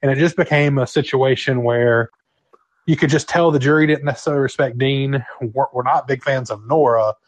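A man co-hosting a podcast in casual, enthusiastic chat. His voice is recorded dry and close, with no room sound. He sits at a middling pitch for a man. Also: fairly even intonation, a little fast, no echo. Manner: enthusiastic, talkative, acts out quotes. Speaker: podcast co-host.

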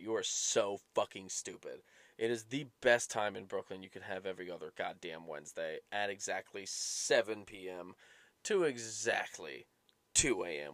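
Profane, rambling man with a low voice. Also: moderate pace, dry recording. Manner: profane, rambling, easily sidetracked. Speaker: podcast host. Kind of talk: rambling solo podcast.

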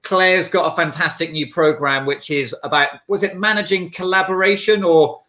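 A man's voice: fairly high pitch, normal speed, bright, forceful tone. A man hosting a casual video call, joking and stumbling over restarts. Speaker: host.

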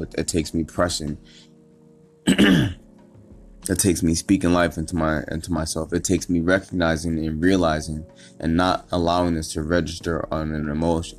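A man hosting a solo motivational podcast, talking emphatically, swearing a lot and repeating himself as he pushes through. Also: extremely low pitch. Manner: emphatic, repetitive and profane, with many restarts. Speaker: podcast host.

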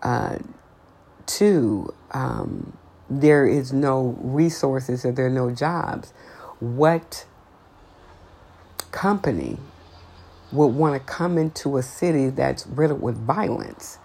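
A woman with an unusually low voice, rough with vocal fry, holds forth on her podcast in a casual, unfiltered monologue. She is blunt and outspoken, and her pitch jumps up when she gets heated. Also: lively intonation, slow, pauses often, mellow. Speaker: podcast host.

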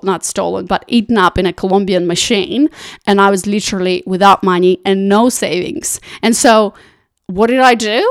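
A woman coach speaks to camera in an earnest, chatty way, with plenty of "like" and "you know". Her voice sits at an ordinary middle pitch. The sound is dry and close, with no room around it. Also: no echo. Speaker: life coach. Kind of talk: advice monologue to camera.

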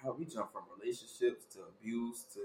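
A man's voice: mid-range voice, fairly even intonation, fast, a crowd in the background. A young man co-hosting a podcast, playful and stammering. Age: young adult. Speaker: podcast co-host. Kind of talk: casual podcast banter. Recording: echoey room with faint noise.

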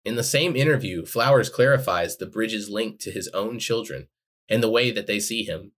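A man's voice: fairly low pitch, normal speed, a bit bright. A man co-hosting a podcast, chatting casually, reading descriptions aloud, and making dry teasing remarks. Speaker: podcast co-host.

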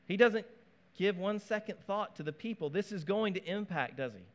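Animated, conversational male preacher. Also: high voice, moderate pace. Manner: conversational and animated, with asides and playful sound effects. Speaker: pastor. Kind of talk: sermon.

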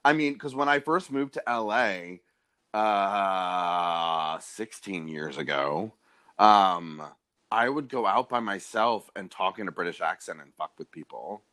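A man co-hosting a casual chat who tells animated stories and laughs often. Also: low voice, a little slow. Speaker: podcast co-host. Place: lives in Los Angeles.

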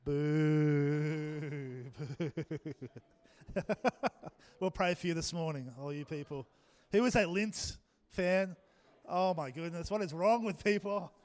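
A man's voice: high-pitched, normal speed, long reverb tail. A man, preaching a sermon and joking with the congregation. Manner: jokey, chatty with the congregation. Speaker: pastor. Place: church hall.

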